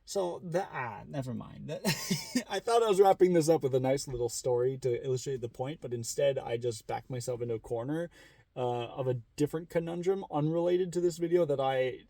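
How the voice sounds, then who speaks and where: A young man with a mellow, relaxed voice talks through big questions in a casual vlog. He rambles, corrects himself mid-thought and swears freely. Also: mid-range voice, a little fast, vocal fry, no room sound. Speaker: vlogger. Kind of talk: casual philosophical monologue.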